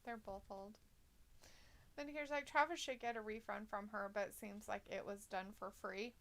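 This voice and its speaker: A woman's voice: mid-range voice, steady tone, moderate pace, fairly bright tone. A woman co-hosting a live stream, chatting casually, reading viewer comments aloud and laughing often. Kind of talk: casual watch-along chat.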